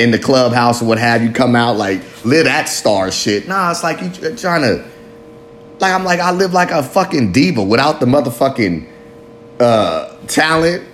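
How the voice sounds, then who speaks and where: A man's voice: a little high, fairly bright tone, a little hiss or hum. A man in his late thirties talking candidly to the camera in a rambling, self-mocking, heavily profane confessional monologue. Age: 30s.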